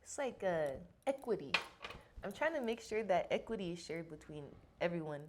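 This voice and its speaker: Woman guest on a podcast, from arizona, super expressive voice jumping all over, swears a lot while telling stories. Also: on the low side, normal speed, noisy background. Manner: animated storytelling, heavy swearing. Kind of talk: casual chat.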